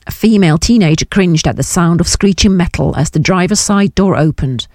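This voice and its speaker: A woman narrating a novel in a measured, descriptive audiobook reading. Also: lowish voice, a little mellow, dry recording, clean studio sound. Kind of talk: scripted narration.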